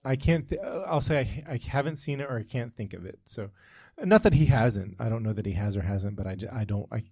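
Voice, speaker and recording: A man's voice: medium pitch, brisk, mellow, slightly rough, dry recording, clean studio sound. A man co-hosting a casual podcast, telling a long story with frequent tangents and fillers. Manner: rambling, goes off on tangents, many fillers. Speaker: podcast co-host.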